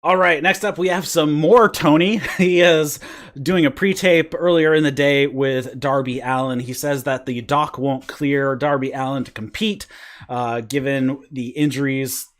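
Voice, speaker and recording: A man's voice: mid-range voice, steady tone, unhurried. A man hosting a podcast, casually recapping a wrestling show in a rambling, play-by-play way. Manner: rambling play-by-play retelling with fillers. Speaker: podcast host.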